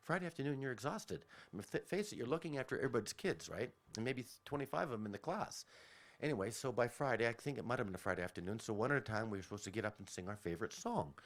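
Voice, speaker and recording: A man's voice: mid-range voice, animated, very fast. A man telling a childhood story on the radio in a rambling way, often backtracking and interrupting himself.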